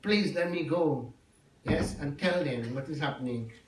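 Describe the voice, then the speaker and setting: A man doing a frightened mother deer, gentle and anxious, pleading for her life in a spoken folk tale. The voice is somewhat high, and the sound rings in a large echoey hall with the speaker some way from the mic. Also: unhurried, distant mic, a little hiss or hum, close to an everyday voice.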